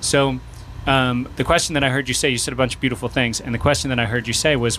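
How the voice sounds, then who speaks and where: A man's voice: medium pitch, fairly even intonation, quick pace, fairly bright tone, a little hiss or hum. A man from New Mexico speaking on a panel, thoughtful and playful, sometimes acting out voices. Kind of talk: casual panel talk.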